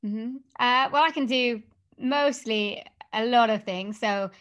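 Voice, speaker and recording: A woman from Wales with a Welsh accent, a voiceover artist chatting as a guest in an interview, upbeat and quick to laugh, with some hesitant fillers. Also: a little high, fairly bright tone. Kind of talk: casual interview chat.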